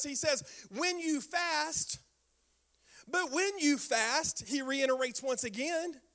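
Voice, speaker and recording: High-pitched, bright-voiced male pastor. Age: older. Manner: animated storytelling with sound effects and prayer. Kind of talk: sermon.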